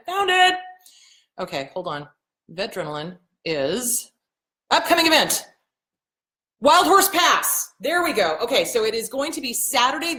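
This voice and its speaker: A middle-aged woman hosting a casual live Q&A, blunt and animated, swearing freely and acting out the voices she quotes. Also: on the high side, reverberant. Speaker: host answering viewer questions.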